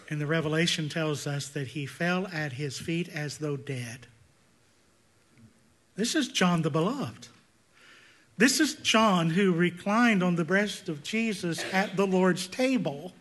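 A man preaching a sermon, swinging between loud emphatic peaks and hushed, intense passages. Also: sits high. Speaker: pastor.

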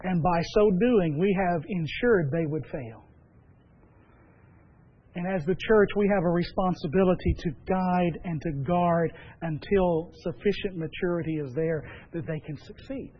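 Guy preaching, fairly high voice, emphatic and measured, muffled radio sound. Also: husky. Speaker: pastor. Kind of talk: sermon.

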